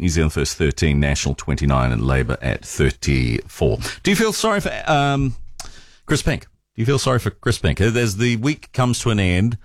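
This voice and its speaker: A man's voice: low-pitched, no echo, clean studio sound. A man hosting a talk radio show, chatting casually and often stumbling over and repeating his words.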